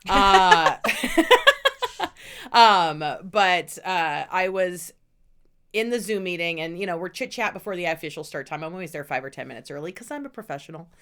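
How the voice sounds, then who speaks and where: A woman's voice: fairly low pitch, sing-song, normal speed, a bit bright. A middle-aged woman co-hosting a podcast, ranting about what bugs her. Her talk is blunt and full of swearing. She lays it on with mock outrage. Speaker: podcast co-host. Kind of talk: casual ranting chat.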